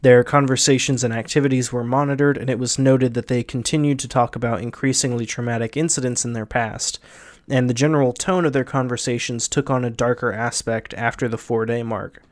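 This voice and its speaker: A man's voice: medium pitch, fairly even intonation, brisk. A young man hosting a podcast, bantering with casual profanity and reading a creepypasta aloud. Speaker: podcast host.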